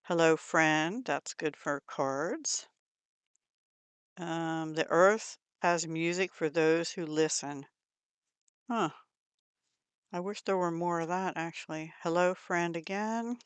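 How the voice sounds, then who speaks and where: A woman's voice: low voice, steady tone, takes it slowly, pauses often, smooth, no room sound. A middle-aged woman hosting a crafting channel, chatting casually in her craft room and gushing over supplies with murmured asides.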